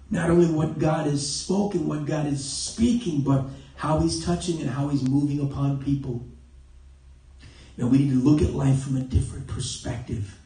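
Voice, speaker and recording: A man's voice: a little high, dark tone. A man preaching an evening church sermon, breaking in with "amen" and often stopping to correct himself. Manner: punctuates with amen, halting with self-corrections. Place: church sanctuary. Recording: very echoey church, mic far off.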